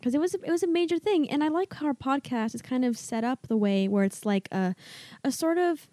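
Young woman podcast cohost, giggly rambly chat, mellow voice, dead dry mic. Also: sits high, expressive, a little fast, no room sound. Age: young adult. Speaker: podcast co-host. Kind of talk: casual chat.

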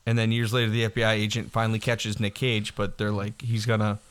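A man co-hosting a podcast, retelling movie scenes in casual, profane chat, laughing often and slipping into quick impressions of the characters. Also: fairly low pitch, flat delivery, a bit bright, clean tone. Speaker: podcast co-host.

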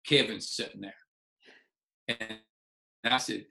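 A man in his fifties tells a story to a live audience. His voice is bright and forceful. He acts out the dialogue in character, and the room around him echoes. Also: mid-range voice, unhurried, gravelly, pauses often. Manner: animated storyteller, acts out dialogue, restarts often. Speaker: speaker telling a story from his teaching career.

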